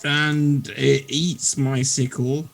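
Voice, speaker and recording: A man's voice: mid-range voice, level tone, gravelly. A man playing in a tabletop game with friends, joking and teasing the others. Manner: joking, teasing, quick to laugh. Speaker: player. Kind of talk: casual tabletop game chat.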